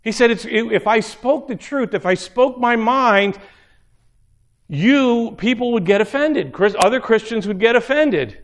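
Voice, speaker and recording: A man preaching a sermon, animated, acting out little scenes in character voices. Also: very high-pitched, unhurried. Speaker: pastor.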